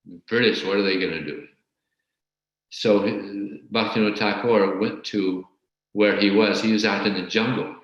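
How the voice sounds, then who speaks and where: A man teaching a scripture class and telling a story in a halting way, often repeating words. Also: fairly low pitch, fairly even intonation, muffled recording. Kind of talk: storytelling religious lecture. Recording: very echoey room.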